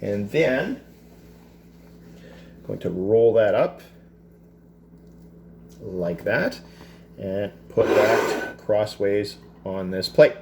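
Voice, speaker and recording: A man teaching a cooking class, talking through a dessert step by step in a relaxed, chatty way with self-deprecating asides. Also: lowish voice, very slow, vocal fry, long pauses, noisy background. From Canada. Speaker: culinary teacher. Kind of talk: cooking demonstration. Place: school kitchen.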